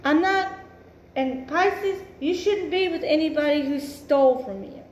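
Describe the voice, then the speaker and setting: A woman's voice: sits high, a little slow, roomy sound, lo-fi sound, slight background noise. A woman giving a casual tarot reading, blunt and emphatic, swearing freely and musing aloud. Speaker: tarot reader.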